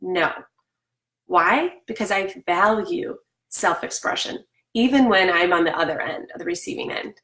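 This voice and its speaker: A middle-aged woman hosting a parenting talk, leading slow breathing cues and telling personal stories in a calm, reflective way. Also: on the low side, recorded from a distance. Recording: roomy, from off the mic.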